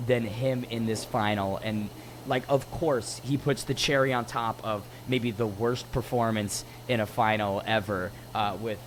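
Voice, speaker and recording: A man co-hosting a podcast, recapping a reality show in casual chat, animated and exasperated, swearing now and then. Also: fairly low pitch, a little slow, a little hiss or hum. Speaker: podcast co-host.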